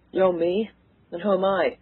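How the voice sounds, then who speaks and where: An English teenage boy hosting a casual let's play chat, joking and rambling with excitable bursts. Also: medium pitch, slightly rough, no room sound. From England. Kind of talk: casual gaming commentary chat. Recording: tinny lo-fi voice-call audio.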